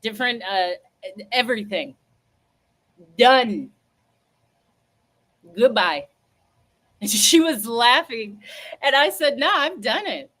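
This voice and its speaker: A woman hosting a casual livestream, telling a story in an animated, emphatic, sassy way and laughing as she goes. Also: fairly high pitch, normal speed. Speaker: livestream host.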